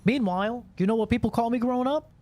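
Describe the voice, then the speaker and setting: A man's voice: very high voice, quick pace, darkish tone. A man in his twenties chatting casually on a live stream, boastful and profane in his banter.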